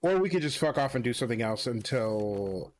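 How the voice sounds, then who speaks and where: A man co-hosting a game stream, chatting casually and muttering to himself as he plays. He talks at an ordinary middle pitch. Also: lively intonation, brisk. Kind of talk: casual chat while playing.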